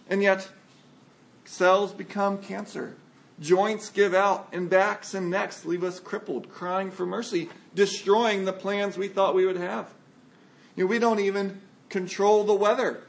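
High gravelly-voiced male pastor preaching. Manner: earnest, plain-spoken preaching with rhetorical questions. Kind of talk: sermon.

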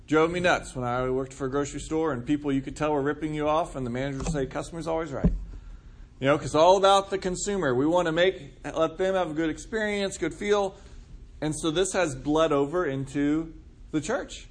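Male pastor, relaxed teaching sermon, asks the room questions, slightly high voice. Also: brisk, a little hiss or hum. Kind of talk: conversational sermon.

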